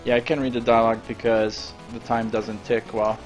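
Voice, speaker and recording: A man's voice: mid-range voice, monotone, a little fast, soft background music, low-quality recording. A man casually commenting while playing a retro video game, chatty and talking to himself as he plays. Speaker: gameplay commentator. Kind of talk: casual let's play commentary.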